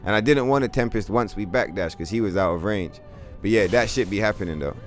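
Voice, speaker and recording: A man's voice: fairly low pitch, fairly quick, soft background music. A man streaming a video game live, commenting on the action as he plays, swearing freely and trash-talking the enemy on screen. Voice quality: profane, trash-talking, excitable.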